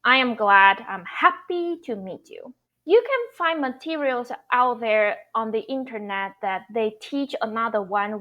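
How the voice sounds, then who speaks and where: Slow, high-voiced woman teaching Mandarin. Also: sing-song, fairly bright tone. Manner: explains slowly with frequent fillers and repeats phrases for practice. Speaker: language teacher. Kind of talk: casual online language lesson.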